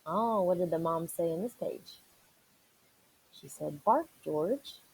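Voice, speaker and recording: A woman's voice: lowish voice, measured pace, gravelly, darkish tone, slightly rough, poor audio. A woman teacher reading a picture book aloud to children, encouraging them and asking and answering questions as she goes. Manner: encouraging, asks and answers questions for young listeners.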